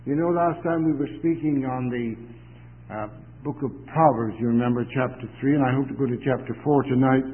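A man preaching a sermon, reading scripture slowly and rising sharply in emphasis on commands. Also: medium pitch. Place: chapel. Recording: tinny phone-like sound in a reverberant hall.

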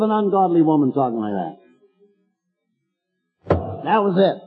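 A man's voice: on the high side, sing-song, a little slow, faint music behind. An older man preaching a folksy storytelling sermon with chuckling asides, heard through a tinny, echoey hall recording.

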